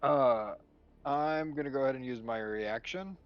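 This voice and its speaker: A laid-back man at a tabletop game, talking through his moves with hesitant pauses and easy laughs. His mid-pitched voice comes through dull and lo-fi, like a muffled stream mic. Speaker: player. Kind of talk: casual chat at a game table.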